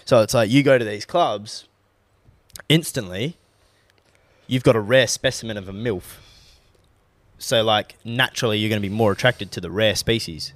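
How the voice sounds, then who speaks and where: A man's voice: lowish voice, moderate pace, pauses often, no room sound. A young man co-hosting a podcast in casual chat, laid-back and swearing freely. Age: young adult. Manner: laid-back, swears a lot, trails off with fillers. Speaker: podcast co-host.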